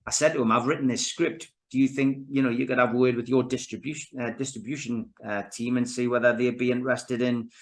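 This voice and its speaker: A man's voice: mid-range voice, flat delivery, quick pace, few pauses. A man with a Geordie accent chatting as a podcast guest, restarting often and calling the host "mate". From North East England. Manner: chatty, frequent restarts and 'you know, mate'. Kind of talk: casual chat.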